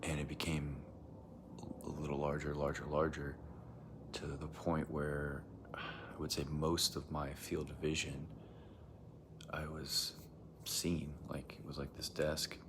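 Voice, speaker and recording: A man's voice: a bass voice, completely flat delivery, takes it slowly, long pauses, noisy background. A man telling a strange personal experience in a rambling, hesitant way, often dropping into a whisper. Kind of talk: casual first-person account.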